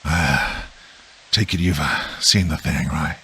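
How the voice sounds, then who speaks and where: A man voicing a weary, gruff old grandfather with a folksy drawl, recounting a horror. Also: rumbling low, takes it slowly, sharp tone, exaggerated voice, poor audio. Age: older.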